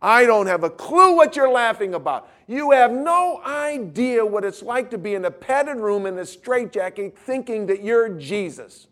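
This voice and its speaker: A man voicing an agitated young former mental patient who shouts out indignantly from the back of a room. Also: high voice, expressive, a little slow, few pauses, voice pushed up. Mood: indignant shouting.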